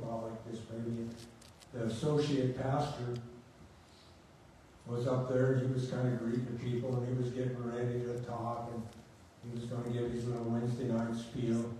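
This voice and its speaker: Older male preacher, mellow, storytelling sermon, recorded from afar in a roomy hall. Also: medium pitch. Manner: storytelling, conversational, laughs at own stories. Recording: echoey room, distant mic, faint hum.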